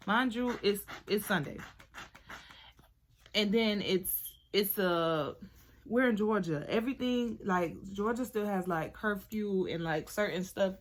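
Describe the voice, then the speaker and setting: A young woman telling a casual storytime to viewers while doing her hair, chatty and animated. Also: medium pitch, measured pace, a little hiss or hum. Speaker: beauty vlogger.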